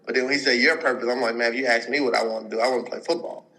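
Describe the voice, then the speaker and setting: Bright-voiced young man telling a story. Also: mid-range voice, fairly even intonation, racing, poor audio. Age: 20s. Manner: rambling, heavy on filler words, acts out others' lines. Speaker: podcast guest, pro football player. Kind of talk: casual storytelling.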